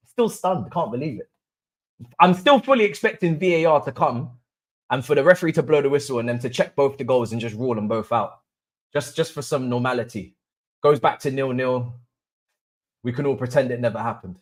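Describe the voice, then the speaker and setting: A young man hosting a live football watch-along, swinging between low murmurs and excited chanting. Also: moderate pace, long pauses. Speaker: livestream host.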